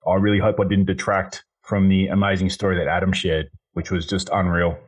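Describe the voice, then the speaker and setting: A man hosting a podcast in a casual chat. His voice is very deep with a husky edge. He sounds upbeat and enthusiastic and likes to tease his co-hosts. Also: little pitch movement, brisk. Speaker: podcast host.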